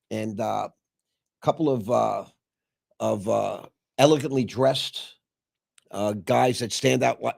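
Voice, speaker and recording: A man hosting a show, telling a personal story in a rambling way with many filler pauses. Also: medium pitch, vocal fry, a little mellow, no echo, clean studio sound. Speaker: show host. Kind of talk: casual storytelling.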